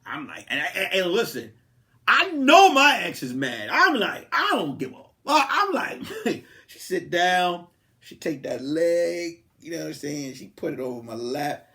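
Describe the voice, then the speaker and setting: Young male comedian, podcast host, storytelling voice, lively and high-pitched, jumps between loud and hushed. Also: unhurried. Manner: animated, swings from loud to hushed, acts out quotes. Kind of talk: comic storytelling.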